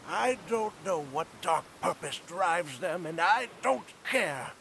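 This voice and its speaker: An actor voicing a suspicious gruff older male townsman in a video game, slow and accusing. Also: high-pitched, lively intonation, sharp tone, a little hiss or hum, heavily acted.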